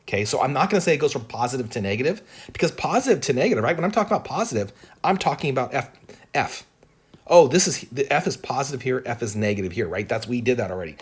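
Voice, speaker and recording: A man's voice: mid-range voice, lively intonation, quick pace, breathy edge. A man teaching an exam-prep calculus lesson, thinking aloud as he works through the problem and often checking in with "right?". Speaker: math teacher.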